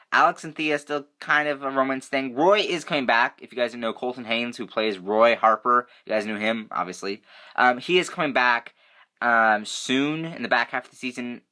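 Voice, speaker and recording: A young man giving a casual, excitable, rambling review of a TV episode, full of fillers. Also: medium pitch. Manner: excitable, rambling, many fillers like "you know" and "like". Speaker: TV review vlogger.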